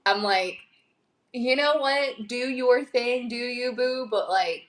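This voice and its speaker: A woman's voice: a little high, slow. A woman guest chatting casually on a livestream, teasing and laughing as she reacts. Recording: roomy echo.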